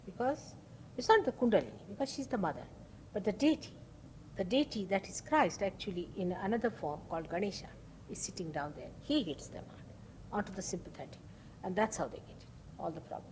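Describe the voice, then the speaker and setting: Mid-range and darkish in tone, this spiritual teacher speaks a little fast with lively intonation, though the audio is poor and has slight background noise. Telling a story in an informal talk, she's emphatic, repeats key words and acts out quoted dialogue.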